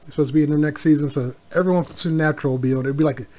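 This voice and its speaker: A man's voice: on the high side, fairly even intonation, rapid-fire, darkish tone. Rambling man on a solo podcast. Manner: rambling, with many fillers and asides. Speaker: podcast host. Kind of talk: casual solo podcast monologue.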